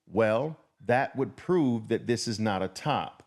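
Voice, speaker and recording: A man's voice: fairly low pitch, animated, darkish tone. A man teaching a trading lesson, drawing as he explains and checking in with the viewer. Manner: deliberate, drawing while explaining, repeats and checks in with "okay?". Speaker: trading instructor.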